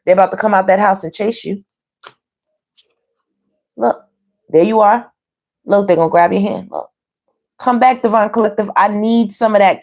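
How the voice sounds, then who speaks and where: A woman with a mid-range, slightly mellow voice does a casual tarot reading online. She is chatty and playful, laughs a lot, and speaks directly to her viewers.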